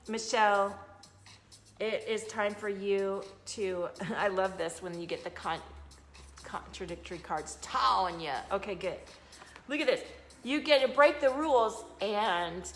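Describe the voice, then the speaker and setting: A woman with a slight Southern US twang talks straight into her phone camera during a casual live stream. She reads cards in a chatty, effusive way and breaks into sudden bursts of emphasis. Her voice sits at an ordinary middle pitch over faint background music. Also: fairly bright tone. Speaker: intuitive card reader hosting a live stream.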